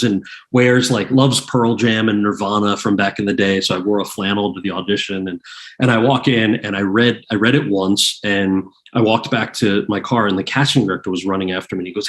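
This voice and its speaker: Low-voiced man telling animated stories. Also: brisk. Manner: animated anecdotes with acted-out quotes. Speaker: guest actor and author. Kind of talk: casual storytelling interview.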